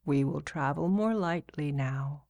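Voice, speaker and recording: A woman doing a calm, wise old man. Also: deep voice, measured pace, creaky, no echo, clean studio sound. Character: calm, wise old male tribal speaker.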